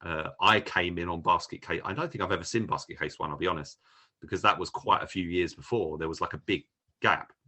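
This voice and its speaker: A man with a low voice talks through a film in casual podcast chat, restarting sentences and trailing off with fillers. His tone is bright and forceful despite the low pitch. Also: brisk. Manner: rambling, many restarts and fillers. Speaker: podcast co-host.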